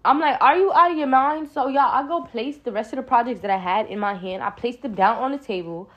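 A woman's voice: brisk, dull audio. A young woman vlogger telling a storytime in casual slang, often calling viewers y'all and acting out her own lines. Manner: animated retelling, acts out her own quoted lines louder and higher.

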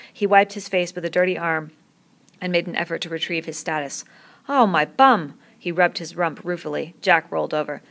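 A woman reading a novel aloud in a steady storytelling voice. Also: on the low side, gravelly. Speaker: reader.

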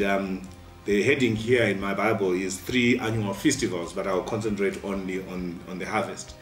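A man giving a midweek devotion as a pastor, earnest and steady, with frequent pauses. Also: lowish voice. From Zimbabwe. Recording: roomy sound from a distant mic, faint music.

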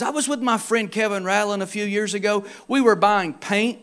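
A male pastor preaching a sermon, telling stories and swelling into loud, emphatic exhortation. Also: high voice, moderate pace, hardly any pauses. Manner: storytelling, quoting others in his own voice.

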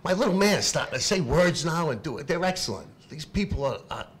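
Man, middle-aged, emotional public comment, stammering then shouting, faint room noise. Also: fairly high pitch, very animated. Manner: impassioned, halting, repeats words, swings from quiet to shouting. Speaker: parent speaking at public comment. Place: public meeting hall.

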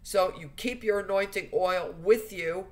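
A woman's voice: mid-range voice, unhurried, darkish tone. A woman giving earnest spiritual advice in a monologue, stressing her points by repeating key phrases. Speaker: spiritual vlogger.

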